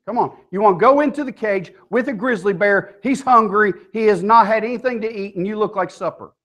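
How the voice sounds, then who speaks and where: High-voiced emphatic male preacher. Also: brisk, a bit bright. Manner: emphatic, rhetorical questions to the congregation. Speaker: pastor. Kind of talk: sermon. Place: church.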